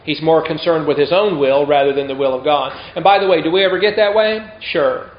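A man's voice: on the high side, a little fast, a little hiss or hum. A man preaching a sermon in a conversational way, often throwing rhetorical questions to the listeners. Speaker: pastor. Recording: roomy, dull lo-fi sound.

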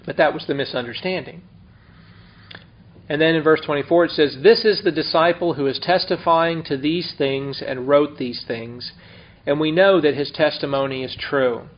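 Male Bible teacher, slightly high voice, chatty verse-by-verse style, muffled lo-fi sound. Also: moderate pace. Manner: conversational, explains and asks the class. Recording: dull lo-fi recording.

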